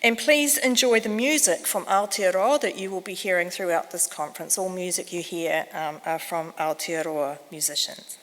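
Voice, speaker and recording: A conference organizer speaks from a lectern microphone. Her voice is bright and crisp, and her tone is chatty and self-deprecating, with plenty of ums. A long hall reverb trails every phrase. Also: fairly low pitch, normal speed. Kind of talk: housekeeping announcements to an audience.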